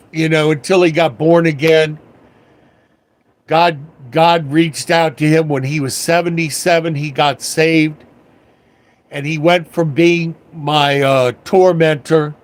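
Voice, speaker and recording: An older man hosting a casual livestream, telling rambling, folksy stories with a wry touch. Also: on the high side. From Washington area, USA. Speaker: livestream host.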